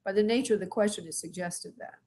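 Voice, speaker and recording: A woman's voice: medium pitch, quick pace, a little mellow. A middle-aged woman, a spirit medium, gives live readings to callers, calling them sweetheart and honey and asking spirit yes-or-no questions. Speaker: spirit medium hosting a call-in show.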